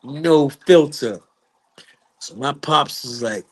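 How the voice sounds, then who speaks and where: A man in an interview telling a story with lively energy, acting out the voices of the people in it. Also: mid-range voice, moderate pace. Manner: acts out quoted voices, curses, lively delivery. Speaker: guest musician. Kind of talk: animated storytelling.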